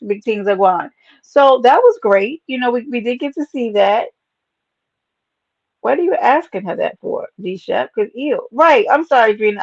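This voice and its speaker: A woman hosting a casual livestream, talking straight to her viewers, playful and animated, greeting people from the chat. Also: mid-range voice, no echo, dull audio. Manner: animated, playful, talks to chat as baby and y'all. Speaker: livestream host.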